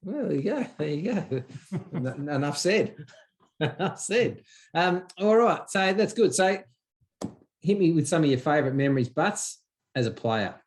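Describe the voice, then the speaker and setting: A man's voice: fairly high pitch, measured pace. Chatty Australian man hosting. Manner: relaxed, chatty, calls guest mate. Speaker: podcast host. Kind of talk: casual interview.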